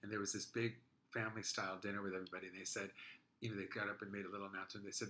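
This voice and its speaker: Rambling male podcast host, bright tone. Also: lowish voice, little pitch movement, racing. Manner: rambling, many fillers. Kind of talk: casual chat. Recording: roomy echo.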